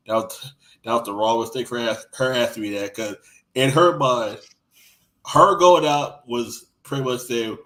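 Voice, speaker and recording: A man with a mid-range voice tells raunchy stories in casual podcast chat. He rambles and restarts often. He acts out quoted lines, dropping soft and then jumping loud. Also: medium pitch, normal speed, pauses often, rough recording. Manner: crude, rambling storytelling with lots of restarts.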